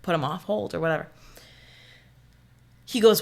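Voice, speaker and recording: A woman's voice: on the low side, normal speed, gravelly, darkish tone. A young woman co-hosting a podcast, telling a story in casual chat full of fillers and swearing. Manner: profane, rambling storytelling with constant fillers. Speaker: podcast co-host.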